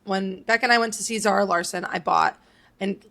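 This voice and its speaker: A woman in her late twenties talks in a casual podcast chat. Her voice has a noticeable creaky, gravelly edge at a medium pitch. She rambles through her stories and leans heavily on fillers. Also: fairly even intonation, fairly quick, a bit bright. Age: late 20s. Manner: rambling, filler-heavy storytelling. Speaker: podcast co-host.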